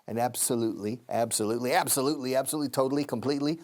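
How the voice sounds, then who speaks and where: A man's voice: fairly low pitch, lively intonation, moderate pace, a little mellow. Male English teacher drilling phrases. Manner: drills phrases over and over, switching to Spanish to explain. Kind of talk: TV language lesson.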